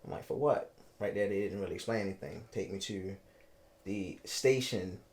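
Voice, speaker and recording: A deep, slightly mellow voice belongs to a Baltimore man in his thirties. Appearing as a podcast guest, he stumbles through a personal story, repeating words and acting out what people told him.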